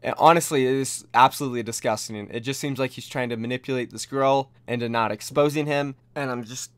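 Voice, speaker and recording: A man's voice: medium pitch, fairly even intonation, fairly quick, hardly any pauses, fairly bright tone, smooth, dry recording. A man giving emphatic, indignant vlog commentary straight to his viewers. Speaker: esports commentary YouTuber. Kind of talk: scripted-sounding vlog commentary.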